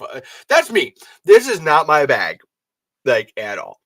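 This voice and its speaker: A man hosting a fan show in casual, rambling chat, excitable and profane. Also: fairly high pitch, a little slow.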